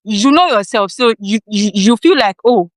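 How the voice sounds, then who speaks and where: A woman's voice: mid-range voice, animated, normal speed, no room sound, rough recording. A woman, a health educator and guest, giving earnest advice with occasional sound repetitions. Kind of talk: interview answers.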